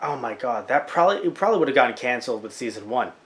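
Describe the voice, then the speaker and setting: Man, podcast co-host, casual review chat, joking, animated, medium pitch. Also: racing. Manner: animated, joking, jumps between thoughts.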